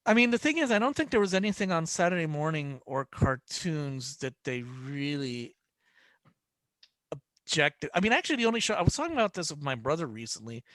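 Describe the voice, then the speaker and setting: A man's voice: on the high side, expressive, a little fast, a bit bright, no room sound. A man on a podcast panel telling rambling stories with many restarts, acting out the lines of the people he quotes. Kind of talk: casual panel chat.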